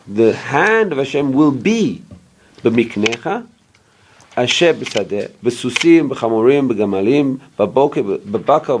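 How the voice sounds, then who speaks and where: A man teaching an informal Bible class, explaining verse by verse and checking in with listeners, sometimes stopping to hunt for an English word. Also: mid-range voice. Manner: pauses to search for English words. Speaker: Torah teacher.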